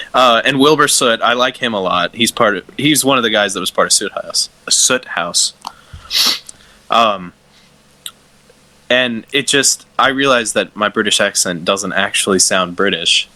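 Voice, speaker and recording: A man's voice: lowish voice, measured pace, pushed and bright, dry recording, rough recording. A young man co-hosting a podcast in a casual, joking chat, laughing often. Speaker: podcast co-host.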